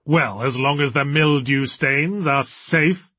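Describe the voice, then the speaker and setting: A man voicing a dazed, pompous, theatrical male villain who talks slowly and grandly, slurring his words. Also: mid-range voice, pushed and bright, breathy edge, no echo, full character voice. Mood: grandiose, slurred.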